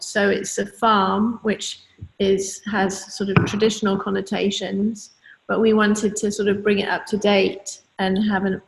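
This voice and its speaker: A middle-aged woman from England, giving an interview in an unhurried way, pausing with fillers. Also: medium pitch. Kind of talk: casual interview. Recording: roomy echo.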